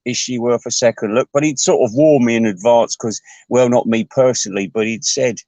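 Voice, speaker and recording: A man's voice: medium pitch, steady tone, fairly quick, few pauses, a little mellow, no room sound. Crude, rambling man ranting. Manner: crude, rambling, full of restarts and asides. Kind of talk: rambling comic rant to camera.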